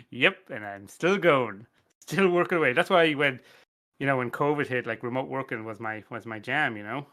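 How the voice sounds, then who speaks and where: A man's voice: mid-range voice, expressive, moderate pace, a bit bright. An Irish man hosting a casual podcast chat, rambling, swearing and laughing often at his own stories. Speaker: podcast host.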